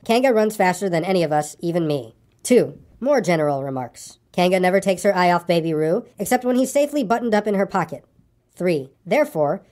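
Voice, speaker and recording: A fussy, self-important rabbit out of a storybook, as a woman puts him on, brisk and bossy as he lays out his plans. The voice sits a little low. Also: a little mellow, natural voice. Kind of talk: storybook character reading.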